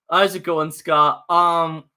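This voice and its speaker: A man's voice: high voice, bright, forceful tone. A man hosting his own livestream, rambling in a fired-up, jokey rant. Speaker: livestream host.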